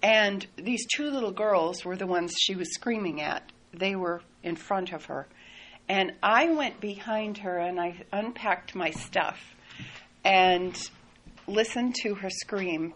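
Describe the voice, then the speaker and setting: A woman telling a personal story in a soft, reflective way, often laughing lightly. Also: medium pitch, unhurried, rough recording. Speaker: speaker sharing a personal story.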